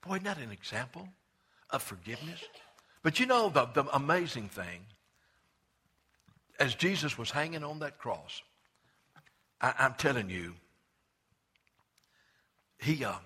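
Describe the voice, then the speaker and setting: A male pastor preaching an emphatic, conversational sermon, swinging between loud urging and hushed quiet, often repeating words as he restarts. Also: medium pitch, big pitch swings, a little slow, pauses often, husky.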